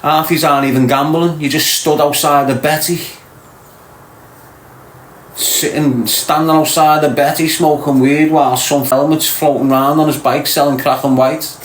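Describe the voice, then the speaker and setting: A man's voice: fairly high pitch, steady tone, a little slow, echoey room, a little hiss or hum, rough recording. A man from Liverpool with a Scouse accent, hosting a live stream and lecturing his viewers bluntly. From Liverpool, England. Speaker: podcast host.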